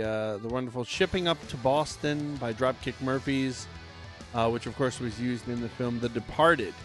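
A man's voice: mid-range voice, a bit bright. A man co-hosting a casual geek podcast, dry and joking, often trailing off with a shrugging aside. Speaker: podcast co-host. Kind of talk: casual chat.

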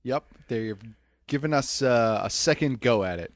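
A man co-hosting a casual podcast, laid-back, with quick quips. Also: medium pitch, lively intonation, no echo, studio quality. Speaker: podcast co-host. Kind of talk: casual chat.

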